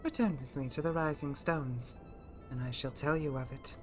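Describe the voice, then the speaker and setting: Breathy solemn game hero , woman putting it on, low, formal olde speech, soft. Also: moderate pace, faint music behind. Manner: formal, archaic phrasing. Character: earnest, self-doubting fantasy companion reciting lore. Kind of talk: voicing game dialogue aloud.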